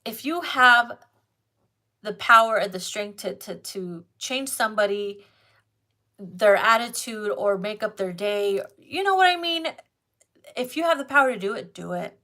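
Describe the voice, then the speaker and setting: Bright-voiced, profane woman tarot reader. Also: mid-range voice, lively intonation, measured pace. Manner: profane, blunt and emphatic; chatty, talks straight to viewers. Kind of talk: casual spoken card reading.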